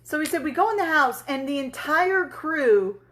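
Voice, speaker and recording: A woman's voice: sits high, expressive, normal speed, fairly bright tone. A woman hosting a casual crafting livestream, telling a story in a chatty way and talking to viewers as she works. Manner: chatty storyteller, answers viewers, swears and laughs freely. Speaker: tumbler crafting livestream host.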